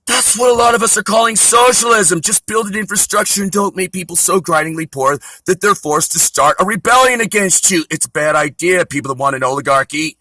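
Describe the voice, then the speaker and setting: A man's voice: high-pitched, brisk, hardly any pauses, sharp tone, no echo, low-quality recording. A man delivering a profane, sarcastic comedy rant.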